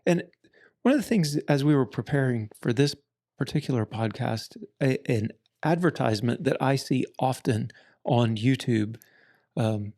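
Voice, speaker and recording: A man co-hosting a podcast, explaining things in a measured, casual way. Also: mid-range voice, a little mellow. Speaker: podcast co-host. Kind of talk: casual conversation.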